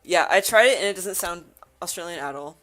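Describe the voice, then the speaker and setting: A young woman streaming a game and chatting with her viewers in a bright, slightly tense voice. She giggles often and drifts between reading the game text and casual banter. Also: fairly low pitch, brisk, faint music behind.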